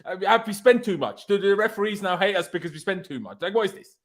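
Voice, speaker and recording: A man's voice: high voice, animated, fast. A man hosting a fan reaction live stream, ranting in outrage.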